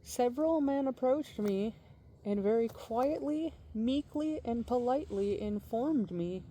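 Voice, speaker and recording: A woman casually telling a personal story, halting and searching for her words. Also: fairly high pitch, expressive, warm tone, a little hiss or hum.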